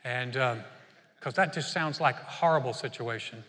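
A man's voice: mid-range voice, moderate pace, a bit bright. A man preaching a sermon as pastor, telling stories with frequent restarts and repeated words. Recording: long hall reverb.

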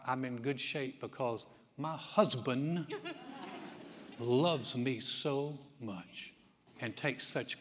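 Pastor, male, conversational sermon voice, slightly high, long church-hall reverb. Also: a little hiss or hum. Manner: conversational storytelling with many restarts. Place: church sanctuary.

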